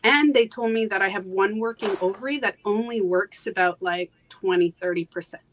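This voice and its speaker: A woman guest in a live interview, telling a personal story in a halting way, with many fillers and restarts, going soft on painful moments. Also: medium pitch, slight background noise, poor audio.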